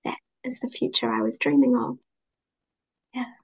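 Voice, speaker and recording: A woman's voice, set a little high and held fairly level in pitch. She talks in a gentle, heartfelt way, reflective and unhurried as she answers questions in an interview. She sounds like a woman in her thirties. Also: fairly even intonation, vocal fry, husky, highs cut off. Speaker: interview guest.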